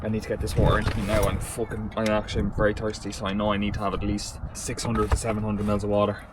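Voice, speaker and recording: A man with an Irish accent chatting casually to camera in a running vlog. He is excitable, swears freely and keeps calling his viewers lads. He talks from a car and then outdoors in a park while running. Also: on the low side, fast. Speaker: running vlogger. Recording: loud background noise from car and outdoor traffic.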